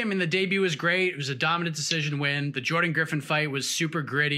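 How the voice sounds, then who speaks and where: A man hosting a sports interview show, energetic and full of hype. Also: a little high. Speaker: host.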